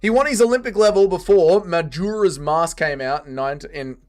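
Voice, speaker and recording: A man's voice: high-pitched, normal speed. A man hosting a casual livestream, reading chat aloud, swearing often and laughing readily.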